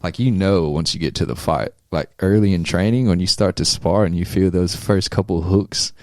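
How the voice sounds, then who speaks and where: Guest voice: low gravelly man, rambling, swears freely, close and dry. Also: normal speed, dry recording. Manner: laid-back, rambling, swears often, many ums. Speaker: amateur boxer, interview guest. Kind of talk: casual chat.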